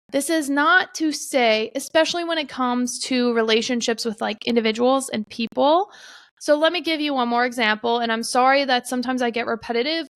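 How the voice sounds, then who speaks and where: A woman's voice: a little high, fairly bright tone, no room sound, studio quality. A young woman hosting a solo podcast, talking bluntly and earnestly with lots of swearing and emphatic repetition. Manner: earnest, confessional. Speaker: podcast host. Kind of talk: casual solo podcast monologue.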